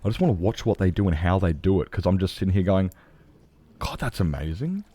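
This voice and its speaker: This streamer has a deep, warm, husky voice that's expressive and fairly quick. Chatting casually with viewers in live chat, he rambles, backtracks to correct himself, and swears a lot.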